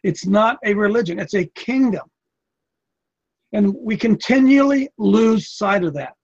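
A man's voice: high-pitched, animated, a little slow, creaky, darkish tone, dull audio. A man in his sixties preaching a sermon in a folksy, repetitive, emphatic way. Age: 60s.

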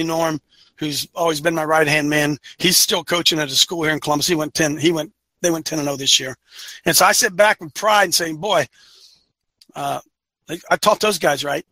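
A middle-aged man hosting a men's ministry show, preaching emphatically, repeating phrases and swinging from quiet to loud. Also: fairly high pitch, dry recording, rough recording. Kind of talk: preaching-style monologue to listeners.

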